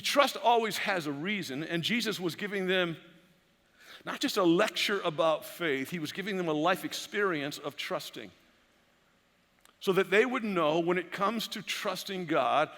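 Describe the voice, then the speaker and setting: A man preaching a sermon as a pastor, animated and full of repeated words and restarts. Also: high voice, long reverb tail. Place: church sanctuary.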